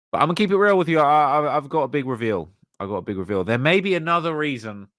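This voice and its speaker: Male host, low and dry, loose conversational commentary with lots of repeats. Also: a bit bright, no room sound. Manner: conversational, repeats himself, fillers. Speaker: channel host. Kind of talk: casual commentary on rap news.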